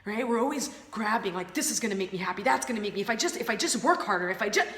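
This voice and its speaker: A woman's voice: medium pitch, expressive, very fast, few pauses. A woman co-hosting a casual spiritual chat, bubbly and giggly, with many fillers. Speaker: spiritual coach co-host. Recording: roomy echoey room.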